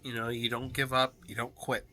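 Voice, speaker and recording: A man recording a personal video journal, talking in an earnest, heartfelt way with halting restarts and fillers. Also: medium pitch, little pitch movement, bright, forceful tone. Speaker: vlogger.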